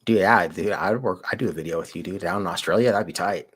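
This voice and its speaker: A man with a low, husky voice speaks fast while hosting a livestream. He lives in Colorado, works as an auditor, and rambles with his viewers in slang, repeatedly saying "dude" and "like."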